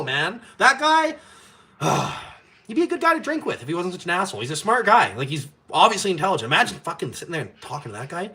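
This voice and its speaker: Brief: male stream host, high, bright voice, profane, heated, rambling rant. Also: big pitch swings, fast talker. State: drinking. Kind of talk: casual live-stream rant.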